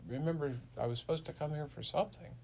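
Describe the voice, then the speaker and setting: A man voicing a clueless, forgetful female cat in a bedtime story, speaking softly and vaguely in a low gravelly voice. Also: fast.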